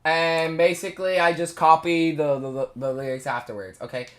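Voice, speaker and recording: Brief: young streamer, quick casual chat, mid pitch. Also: steady tone, a bit bright, a little hiss or hum. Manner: rapid, chatty, addressing chat.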